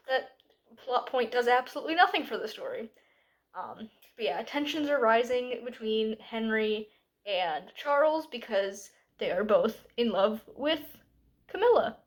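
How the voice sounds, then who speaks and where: A woman with a somewhat high voice chats through a book review vlog. She sounds tired and exasperated, with sarcastic asides and plenty of "like" fillers. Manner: chatty with many "like" fillers. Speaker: book club host.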